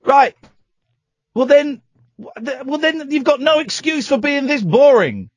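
A radio host talks into a studio microphone, blunt and sarcastic with a caller. His voice is high and swings widely in pitch. The studio sound is close and dry. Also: expressive, a little slow, no room sound. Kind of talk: late-night phone-in radio.

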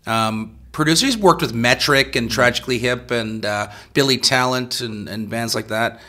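Male band guest, mid pitch, bright, chatty and goofy. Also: normal speed. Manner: playful, rambling asides. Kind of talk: casual interview chat.

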